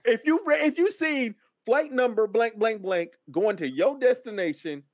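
A man hosting a podcast, telling a story as a casual rant, animated and profane, acting out the other people's lines. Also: extremely high pitch, moderate pace, no room sound. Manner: animated, profane, acts out quoted dialogue. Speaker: podcast host. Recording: dull, dry lo-fi mic sound.

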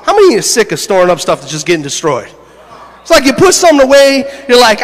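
A man preaching a sermon, an animated storyteller who laughs through his stories and builds to shouted preaching. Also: high-pitched, racing, in a large hall. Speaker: pastor. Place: church sanctuary.

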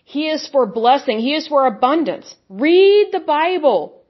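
This preacher, a woman with a high, very animated voice, speaks a little slowly through a recording with the highs cut off. Her impassioned religious monologue is blunt and scornful, and she mocks the positions she rejects using exaggerated voices.

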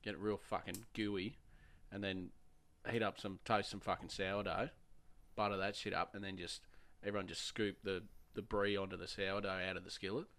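A man's voice: deep voice, moderate pace. An Australian man co-hosting a podcast, chatting casually with friends and telling stories with lots of swearing. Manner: sweary, animated storytelling. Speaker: podcast co-host. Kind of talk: casual chat.

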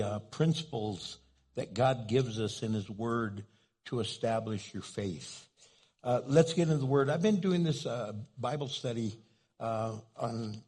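A man's voice: medium pitch, warm tone, husky. A man preaching a sermon as pastor, telling a story in a loose, conversational way full of fillers.

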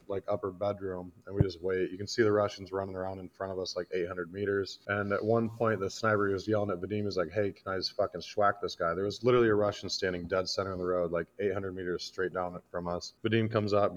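A man's voice: deep voice, highs cut off. A man from Iowa, a combat veteran guest, bluntly telling a war story in casual, profane podcast talk. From Iowa, United States.

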